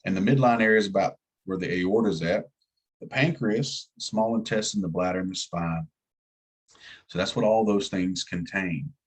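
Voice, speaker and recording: A man's voice: low voice, moderate pace, breathy edge, poor audio. A man with a slight Southern US twang teaching an EMT class in a casual, folksy way, asking his students to follow along. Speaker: EMT instructor.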